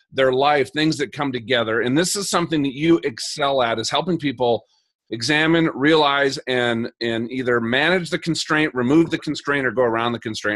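A man from Minnesota hosting a podcast, laying out ideas deliberately one by one. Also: mid-range voice, a bit bright. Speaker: podcast host. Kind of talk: podcast interview.

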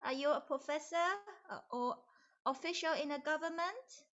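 A woman voicing an astonished male zither musician in a puppet story, with excited, questioning exclamations. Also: high voice, normal speed, dull audio. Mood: amazed.

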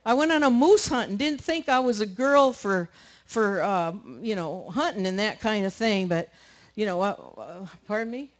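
A woman's voice: medium pitch, lively intonation, moderate pace. A woman speaking at a camp meeting, telling a rambling, colloquial story to a live audience. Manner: chatty, rambling, colloquial with many restarts.

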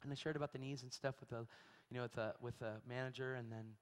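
A man preaching a sermon, telling a story with animated energy and acting out the people in it. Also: mid-range voice, quick pace. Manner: animated storytelling, acts out voices, shrieks in quotes. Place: large church hall. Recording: long hall reverb.

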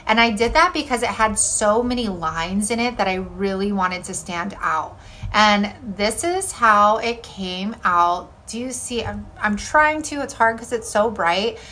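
A woman's voice: mid-range voice, pushed and bright, a little hiss or hum. A woman talking through a home decor craft project in a chatty, bubbly voice-over full of "like" and "um". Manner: chatty, bubbly, filler-heavy with lots of "like". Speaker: DIY home decor creator. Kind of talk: casual crafting voice-over tutorial.

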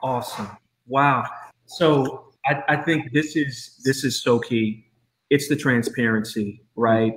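A man's voice: medium pitch, steady tone, slow pace, a bit bright. A middle-aged man hosting a podcast interview, enthusiastic and encouraging, often repeating words as he starts a thought. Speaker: podcast host. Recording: roomy echoey room.

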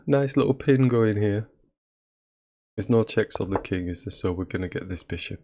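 A man's voice: lowish voice, moderate pace, darkish tone. A man giving casual commentary on his own chess game, laughing at his own blunders. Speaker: chess streamer.

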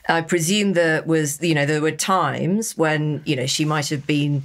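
A woman interviewing a guest in a relaxed chat, teasing him wryly and asking questions. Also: low voice, unhurried. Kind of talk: casual interview.

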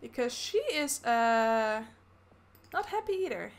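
A woman from the Netherlands with a higher, sing-song voice talks slowly as she plays a life-sim game. A gaming YouTuber, she offers casual Let's Play commentary, chattily narrating each of her own in-game actions.

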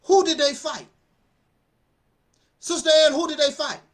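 A man with a very high voice hosts a channel, offering relaxed commentary at a measured pace. The tone is animated and preachy, and he keeps laughing and circling back to the same phrases.

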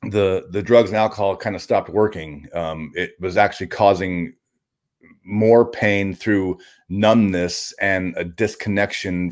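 A man being interviewed as a guest, telling a personal story candidly, halting often with restarts and casual swearing. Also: low voice.

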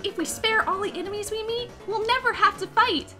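A woman voicing a shy, gentle young male goat-like creature, reading his lines in a sweet, hesitant, encouraging way. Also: very high voice, a little fast, soft background music. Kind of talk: reading game dialogue aloud.

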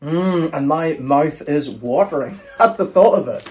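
A man's voice: a little high, a little slow, slight background noise. A man in casual chat, tasting snacks and reading labels aloud in a chatty way. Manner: chatty, lively, reads labels aloud while chewing.

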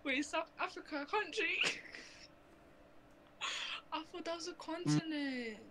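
A woman from the UK chatting casually with a stranger on a video call, soft-spoken and asking quick questions. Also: extremely high pitch, crowd noise. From United Kingdom. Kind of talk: casual chat.

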